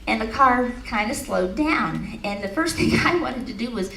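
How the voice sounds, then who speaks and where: A woman's voice: on the high side, expressive, moderate pace, a bit bright, slight background noise. A middle-aged woman giving a motivational talk at an expo, telling a personal story with laughter and then leading the audience in affirmations. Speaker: speaker at an expo. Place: large hall at an expo. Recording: echoey hall recorded from a distance.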